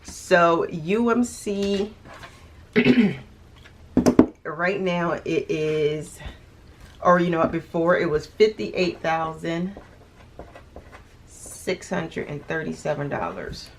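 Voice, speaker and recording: Slow and pausing often, a woman with a lowish voice talks over background noise. The budgeting vlogger chats casually to camera about paying off her debt, thinking aloud with restarts, small laughs, and a few hiccups.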